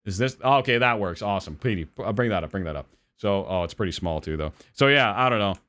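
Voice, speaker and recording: Lively, rambling male podcast host. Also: on the low side, quick pace. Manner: rambling, swears, self-deprecating. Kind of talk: casual live-stream podcast chat.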